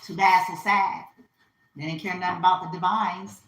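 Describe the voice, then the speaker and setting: A woman's voice: fairly low pitch, steady tone, moderate pace, a bit bright. Profane, emphatic woman in an echoey room. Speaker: spiritual reader. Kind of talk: casual vlog rant. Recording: roomy echo.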